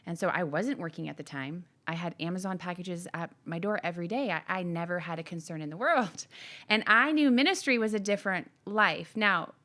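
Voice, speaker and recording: A middle-aged pastor's wife co-hosts a podcast, chatting casually with her husband in a voice on the low side at a fairly quick pace. She's open, animated and laughs easily.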